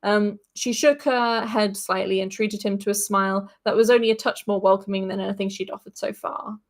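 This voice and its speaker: A woman's voice: medium pitch, steady tone, brisk. A woman hosting a podcast, reading a fantasy story aloud and breaking off now and then for casual asides.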